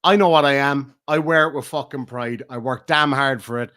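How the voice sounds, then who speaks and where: A middle-aged Irish man ranting on a livestream, profane and taunting, swinging between loud outbursts and low mutters. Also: moderate pace. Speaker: streamer. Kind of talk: heated livestream rant.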